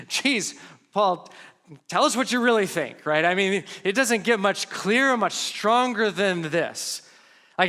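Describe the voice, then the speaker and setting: A man's voice: high-pitched, lively intonation, moderate pace, pushed and bright, in a large hall. A man giving a sermon as pastor, preaching earnestly with rhetorical questions and scripture readings.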